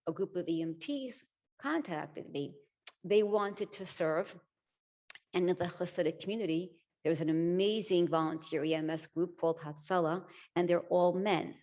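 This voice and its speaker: A woman judge giving an inspirational speech from a podium, telling stories in an emphatic, animated way. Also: on the low side. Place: symposium stage at a podium.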